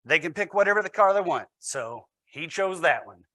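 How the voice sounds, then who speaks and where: A man's voice: on the high side, animated, normal speed, sharp tone, dry recording. A man, a teacher, giving a storytelling presentation with wry, self-deprecating humor.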